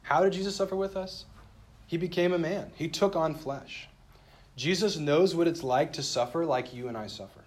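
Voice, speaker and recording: A man preaching a sermon in an earnest, measured way, slowing down and dropping softly for emphasis and reading scripture aloud with heightened feeling. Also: fairly high pitch. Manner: earnest, measured preaching with dramatic slowdowns and soft drops. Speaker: pastor.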